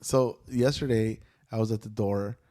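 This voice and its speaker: A middle-aged man co-hosting a podcast, telling stories in casual chat, loud and animated at times. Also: fairly low pitch, moderate pace. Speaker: podcast co-host.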